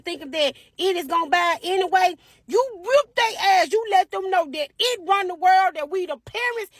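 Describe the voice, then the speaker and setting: A woman, a parent, telling a comedic story in an animated, exasperated and profane way. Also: extremely high pitch, no echo.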